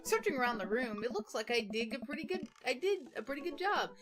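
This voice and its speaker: A playful woman streamer talks through a game, joking with her chat and swearing freely. Her voice sits a little high. Game music plays clearly behind her. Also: very animated, fast, a bit bright. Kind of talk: casual let's-play commentary.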